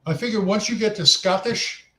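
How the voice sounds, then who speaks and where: A man's voice: sits high, a little fast, pushed and bright, roomy sound. A man co-hosting a casual gaming podcast, chatty and often restarting his sentences. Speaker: podcast co-host. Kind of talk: casual chat.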